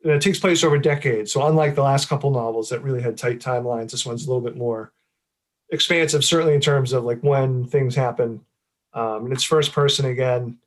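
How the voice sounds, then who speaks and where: A man's voice: medium pitch, fairly quick. Chatty middle-aged man, rambling. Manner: rambling, many fillers and restarts, laughs often. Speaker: author. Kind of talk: casual interview chat.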